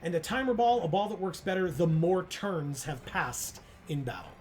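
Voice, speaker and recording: A woman's voice: on the low side, expressive, normal speed, a little mellow. A woman casually chatting and reading a video game's text aloud during a playthrough, playful in tone. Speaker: co-host of a game playthrough. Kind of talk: casual chat while playing.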